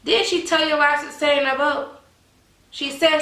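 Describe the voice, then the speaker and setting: Animated woman, echoey room. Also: sits high, normal speed, far from the mic. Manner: animated, addresses viewers as y'all. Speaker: vlogger. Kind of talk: casual commentary.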